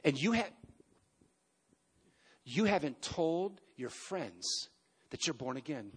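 Man in his fifties, preacher, animated storytelling, emphatic pauses, fairly high voice. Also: slightly rough. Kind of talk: sermon. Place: large church hall.

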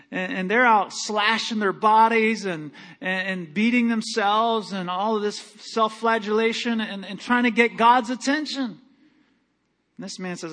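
A middle-aged pastor delivers his sermon in a notably high male voice. He talks like a good old country boy, folksy and animated, slipping into quiet asides before building to loud, urgent climaxes. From Michigan. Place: church sanctuary.

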